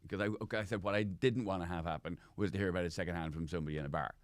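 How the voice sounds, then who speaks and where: Comedian guest, man, low voice, chatty storyteller who restarts a lot, dry studio sound. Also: steady tone, very fast, no echo. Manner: rambling anecdotes with many restarts. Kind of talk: casual chat.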